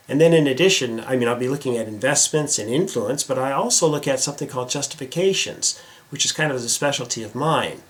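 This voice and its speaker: Chatty middle-aged man hosting a vlog. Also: mid-range voice. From United States. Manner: chatty and self-deprecating, many "uh" fillers. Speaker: vlog host. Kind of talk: casual direct-to-camera vlog.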